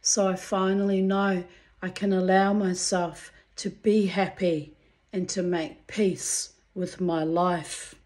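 Slow, low-voiced woman. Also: little pitch movement, a little mellow. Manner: candid, muses aloud, swears freely, frequent throat-clearing. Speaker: vlogger reading her old writings to viewers. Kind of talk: reading diary entries aloud with chatty asides.

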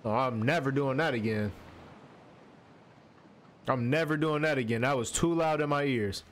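A young man streaming a horror game talks to the on-screen character with jumpy, animated energy and plenty of slang. He has a medium-pitched voice at normal speed, with slight background noise.

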